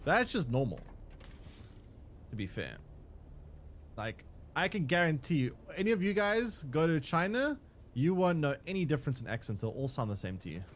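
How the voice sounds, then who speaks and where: A man's voice: fairly high pitch, big pitch swings, normal speed, long pauses, a little hiss or hum. A young man, chatting casually with his live chat while playing a game, rambling with restarts and fillers. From South Africa. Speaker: streamer.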